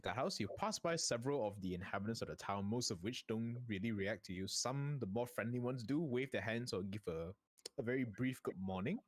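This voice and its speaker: A man's voice: fairly low pitch, expressive, a little fast, dry recording, studio quality. A man narrating as game master of a tabletop game, easygoing and laughing often.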